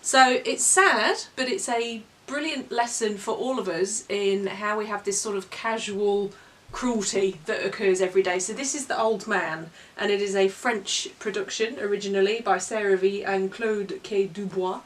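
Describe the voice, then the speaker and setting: A woman co-hosts a relaxed book review. She talks expressively and reads passages with drama. Her voice sounds slightly far from the microphone, at a middle pitch. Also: moderate pace, hardly any pauses. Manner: expressive storyteller, dramatic when reading aloud. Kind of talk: casual book review chat. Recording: voice a little far from the mic.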